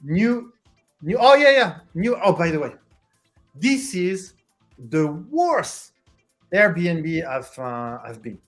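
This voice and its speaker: A host chatting casually with viewers on a livestream, halting and restarting while hunting for the right English word. The voice sits at a middling pitch, with soft music faintly underneath. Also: very animated. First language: French. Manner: hesitant, searches for English words, restarts a lot.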